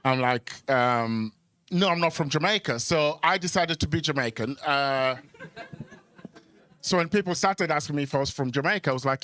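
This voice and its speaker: Deadpan stand-up comic, dry close mic. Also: male voice, mid-range voice, moderate pace, no echo. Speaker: stand-up comedian. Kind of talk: stand-up set. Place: comedy club stage.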